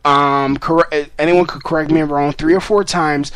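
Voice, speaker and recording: A man's voice: fairly high pitch, steady tone, normal speed, a bit bright, clear, resonant tone, no echo. A man delivering an angry political rant to camera in a profane, sarcastic and emphatic way. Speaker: political vlogger.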